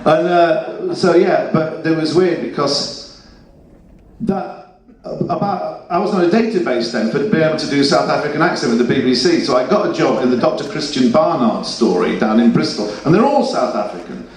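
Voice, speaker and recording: A man's voice: fairly high pitch, animated, normal speed, recorded from a distance. A man on a convention panel telling a rambling, chuckling anecdote. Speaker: panel guest. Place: convention hall. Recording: echoey hall, mic heard from afar.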